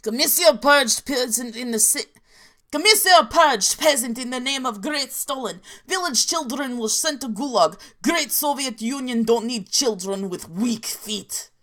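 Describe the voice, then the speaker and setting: A woman putting on a cartoonish Russian accent to tell deadpan peasant jokes, dropping articles in mock-solemn style. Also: high voice, measured pace, voice pushed up. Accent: put-on cartoonish Russian. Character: deadpan Russian peasant-joke teller, gruff. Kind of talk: reading jokes aloud in a put-on voice.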